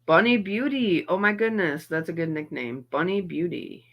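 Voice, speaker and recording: A woman's voice: fairly low pitch, moderate pace, fairly bright tone. A middle-aged woman hosting a livestream, chatting casually and greeting her viewers by name while in some pain and feeling a little off. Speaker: livestream host reacting to videos.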